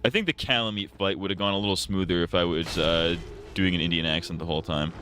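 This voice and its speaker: A man's voice: low-pitched, fast, bright, forceful tone. A young man streaming a game, joking, swearing and rambling in casual crude commentary. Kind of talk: crude live gaming commentary.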